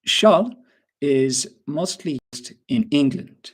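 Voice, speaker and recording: An Irish man leads an online English lesson, going through words one at a time with a patient, unhurried delivery. His voice sits at an everyday middle pitch. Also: lively intonation. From Ireland. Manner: slow, patient explanations with examples. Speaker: English teacher. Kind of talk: webinar lesson.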